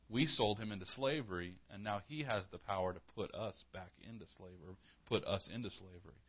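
Male pastor, low voice, earnest conversational preaching, slightly dull lo-fi recording. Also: normal speed. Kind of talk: sermon.

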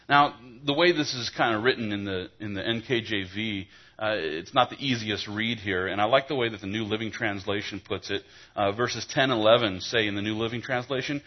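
A male pastor with a lowish voice delivers an expository sermon at a brisk clip, sounding muffled on the recording. His preaching is conversational, and he keeps restarting his phrases.

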